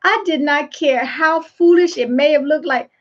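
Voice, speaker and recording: A high-pitched woman speaks as a leadership coach in a motivational live talk. Her delivery is emphatic and preachy, with repeated phrases for weight. The sound is dull and lo-fi. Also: moderate pace.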